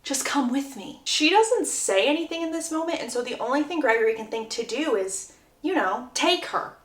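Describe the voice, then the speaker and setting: A woman recaps a story in a casual, gossipy way. Her voice sits a bit high and stays animated. The recording carries a roomy echo. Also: normal speed. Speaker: book recap creator.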